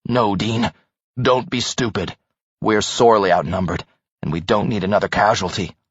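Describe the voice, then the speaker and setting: Stern commanding young man, read low by a male narrator, husky and dry. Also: steady tone, normal speed, no room sound, highs cut off. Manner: firm, barking orders like a drill sergeant.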